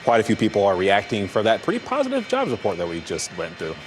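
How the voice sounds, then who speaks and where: A man's voice: fairly low pitch, huge pitch swings, fast, faint music behind. Man anchor with roomy reverb. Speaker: news anchor. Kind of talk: newscast reading.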